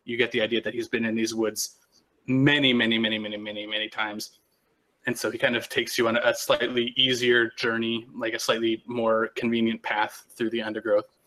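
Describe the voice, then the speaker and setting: A man running a tabletop game, narrating the scene in a relaxed, halting way with frequent restarts. His voice sits at an average pitch and sounds bright. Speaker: game master.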